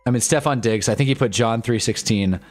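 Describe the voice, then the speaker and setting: Over faint background music, a young fan-stream host reacts to a football game in a medium-pitched voice at a brisk clip. He sounds wry and exasperated, and his commentary rambles loosely into everyday chat.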